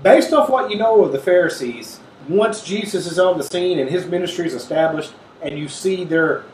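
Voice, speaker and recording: A man leading a conversational Bible study, animated and acting out the voices he quotes. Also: high voice, normal speed, reverberant, far from the mic, slight background noise. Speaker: Bible teacher.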